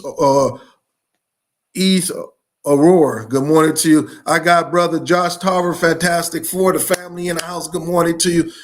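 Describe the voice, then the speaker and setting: A high-voiced man from Michigan hosts a live education show, greeting viewers with energetic, repetitive shout-outs.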